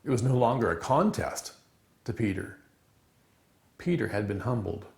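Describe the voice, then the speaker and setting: Male chapel speaker, sermon, lively storytelling, gravelly tone, reverberant room sound. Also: mid-range voice, normal speed. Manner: animated storytelling with dramatic emphasis. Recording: roomy echo.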